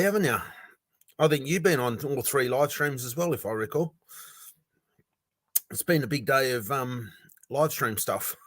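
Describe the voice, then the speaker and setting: A man's voice: mid-range voice, a bit bright, no room sound. Chatty man hosting a livestream. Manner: rambling, chatty, reads viewer comments aloud. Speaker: livestream host. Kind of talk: casual livestream chat.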